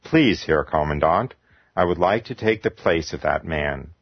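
Calm older priest, very low voice, dry sound, man voicing it in a reading. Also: measured pace, breathy edge, no echo, full character voice. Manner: quiet, gentle pleading. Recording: dull lo-fi recording.

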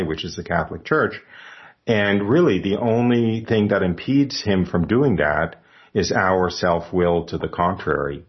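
A man hosts a religious call-in show and answers his guest in a measured, teaching tone. His voice sits very low. The recording sounds slightly dull and lo-fi. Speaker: radio host.

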